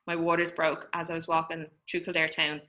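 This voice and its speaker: An Irish woman recounts her birth story in a relaxed, chatty way, laughing often and acting out what each person said. Her voice sits low yet sounds bright and forward. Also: a little fast, rough recording. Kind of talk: casual storytelling.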